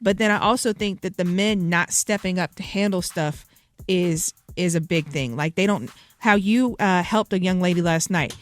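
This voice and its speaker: Give me a female radio co-host with a lowish voice who thoughtfully weighs both sides. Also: normal speed. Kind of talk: opinion talk on radio.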